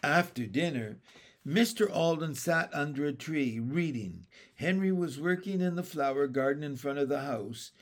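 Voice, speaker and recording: A man narrating a children's chapter book aloud, reading slowly and expressively. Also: on the high side, animated.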